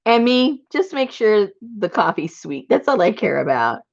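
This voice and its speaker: A woman's voice: very animated, a little slow, vocal fry, dry recording. A woman chatting casually and laughing often as she rambles through a story, recorded on a video call. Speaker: workshop presenter. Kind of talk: casual chat. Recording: dull, dry low-fi sound.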